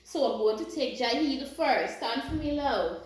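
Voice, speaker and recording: A woman's voice: high voice, animated, measured pace. A woman teaching a lesson to young schoolchildren, speaking in a sing-song, encouraging way and often checking in with "right?". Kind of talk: classroom teaching to young children. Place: classroom. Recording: very echoey room with faint noise.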